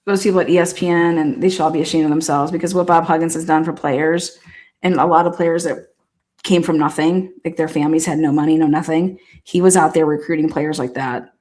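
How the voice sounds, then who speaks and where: A woman's voice: deep voice, fairly even intonation, fairly quick, a little mellow. A woman hosting a show who rambles through casual stories, swearing freely and laughing often. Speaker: host. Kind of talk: casual storytelling.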